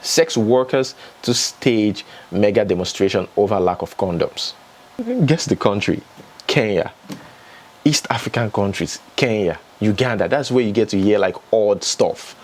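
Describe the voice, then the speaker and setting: A fairly low-voiced man with a Nigerian accent hosts an entertainment news vlog. He reads out headlines and social media posts, then chats about them with his viewers in a casual, opinionated way. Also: darkish tone.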